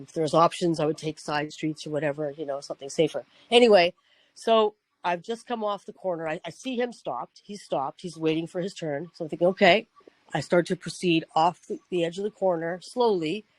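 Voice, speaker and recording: Here the same kind of talk-show host, a man, spins a loose personal anecdote full of false starts and curse words. The voice is slightly high, captured in a dry, rough recording.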